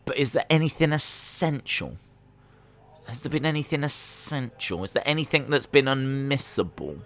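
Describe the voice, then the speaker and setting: A man's voice: medium pitch, lively intonation, moderate pace, a bit bright. A man hosting a live watch-along stream, musing casually with lots of fillers and restarts. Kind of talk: live reaction commentary.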